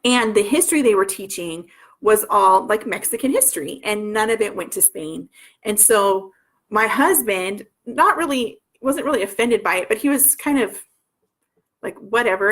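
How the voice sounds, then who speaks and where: A woman's voice: medium pitch, lively intonation, normal speed. Chatty homeschooling mother in her thirties, personal storytelling, meandering with frequent self-corrections. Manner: rambling with frequent restarts and asides.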